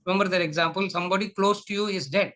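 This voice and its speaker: A man with a Tamil English accent teaches a spiritual lecture class, speaking very fast in a high, bright, forceful voice with fairly even intonation. He repeats his points, keeps asking the class if they follow, and slips Tamil phrases into his English.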